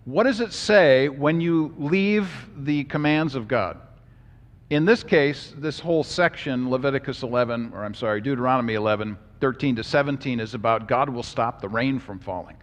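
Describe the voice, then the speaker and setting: A man teaching a Bible class from slides, animated and emphatic, with joking asides. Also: mid-range voice, normal speed. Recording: long hall reverb.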